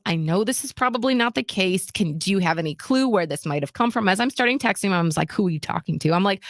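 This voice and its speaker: A woman's voice: fairly low pitch, fast talker, few pauses, dry recording, clean studio sound. A woman co-hosting a talk show, telling a personal story in casual chat and acting out the people she quotes. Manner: animated storyteller acting out quoted voices, swearing freely. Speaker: radio show co-host.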